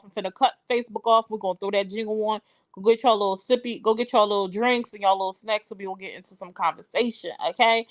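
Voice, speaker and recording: A woman's voice: mid-range voice, dry recording. A young adult woman hosting a live stream in a casual, chatty way, talking straight to her viewers.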